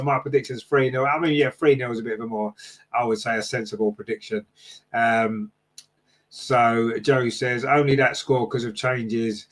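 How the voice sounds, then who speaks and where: A man hosting a casual fan podcast, reading out live chat comments and answering them with lots of fillers and tag questions. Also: mid-range voice.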